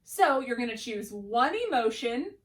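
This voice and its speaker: Upbeat drama teacher, unhurried woman. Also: a little high, lively intonation. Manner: enthusiastic, encouraging. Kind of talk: upbeat classroom lesson.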